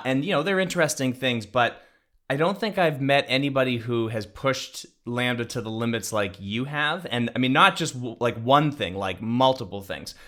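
A man's voice: mid-range voice, sharp tone. A man hosting a podcast, chatting informally with his guest and using lots of fillers. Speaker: podcast host. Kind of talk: casual interview chat.

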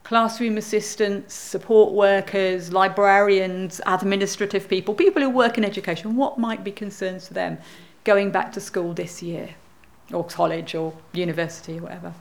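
A woman's voice: medium pitch, steady tone, normal speed, creaky, hardly any pauses. Female worship leader, informal, talks with the congregation. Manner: informal, chatty address to the congregation. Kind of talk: leading a church service.

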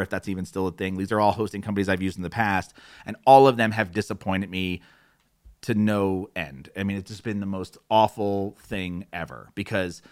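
A man talks through a website tutorial in a loose, unscripted way. He gets openly exasperated and slips into quick voices for the people he quotes. His voice comes through a close, isolated microphone. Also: lowish voice, fairly bright tone, smooth. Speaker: web tutorial presenter. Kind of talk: casual explainer with rants. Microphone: isolated studio microphone.

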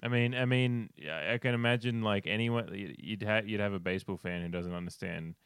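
A man co-hosting a casual podcast, talking in an animated way, laughing and restarting his sentences. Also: on the low side, fairly quick, smooth, no room sound. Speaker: podcast co-host. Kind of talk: casual film podcast chat.

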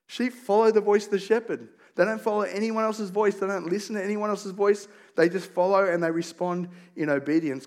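A middle-aged man preaches a sermon with a voice pitched a bit above most men's. He talks like he's chatting with the congregation, telling stories with folksy asides and asking rhetorical questions. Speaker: pastor.

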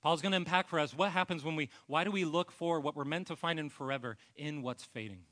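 A male pastor delivers a sermon at a quick pace, telling earnest personal stories. His voice often trails off, turning soft and low.

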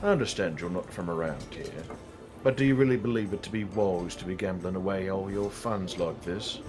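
A man's voice: deep voice, fairly quick, over music, close to an everyday voice. A man voicing a kind elf warrior with courteous, formal speech. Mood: concerned.

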